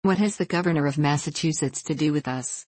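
A woman voicing a young country girl who speaks plainly and earnestly, in a low voice. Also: a little fast, darkish tone, no room sound. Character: frank, well-mannered country girl, earnest.

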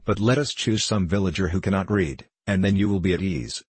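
An anxious old nobleman frets over a mishap, voiced by a man reading a novel aloud. His speech is agitated and pleading in a deep, husky voice. The sound is dry and close to the mic. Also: a little fast, no room sound. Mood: fretful. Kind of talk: audiobook reading.

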